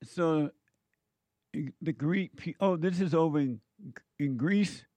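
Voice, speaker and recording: A man's voice: on the high side, takes it slowly, dark tone, no echo. A man hosting a live call-in talk show, playful, asking puzzled questions and thanking viewers.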